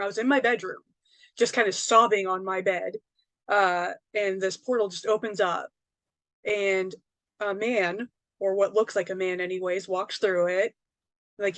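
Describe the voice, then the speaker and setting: A woman's voice: medium pitch, dry recording. A woman, a psychic medium and author, telling a personal story in a casual, rambling way, full of fillers and tag questions.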